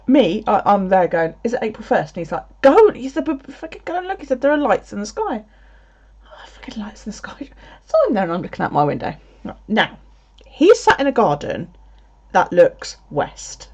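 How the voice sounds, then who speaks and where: Woman, casual stream chat, swears often, mid-pitched voice, muffled lo-fi sound. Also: darkish tone, breathy edge. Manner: chatty storytelling, swears freely. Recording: slightly dull lo-fi audio.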